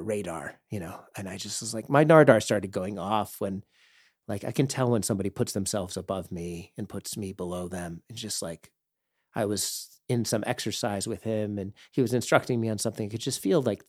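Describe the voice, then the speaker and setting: A man's voice: lowish voice, darkish tone, breathy edge, no echo, studio quality. A man telling a personal story as a podcast host, rambling with many fillers and growing heated and intense. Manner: heavy fillers and restarts.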